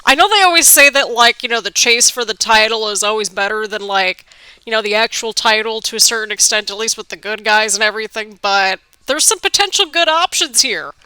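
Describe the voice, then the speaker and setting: Bright, chatty woman reacting to wrestling. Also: on the high side, clean tone, no echo. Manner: chatty and excitable, quick laughs and playful asides. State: stuffy nose from allergies. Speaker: wrestling reaction video host. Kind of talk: casual live reaction commentary.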